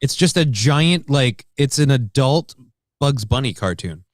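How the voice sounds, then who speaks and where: A man's voice: mid-range voice, lively intonation, measured pace, no echo, clean studio sound. An American man co-hosting a casual talk show, rambling, swearing loosely and stalling while he hunts for names. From United States. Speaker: co-host. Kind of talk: casual podcast chat.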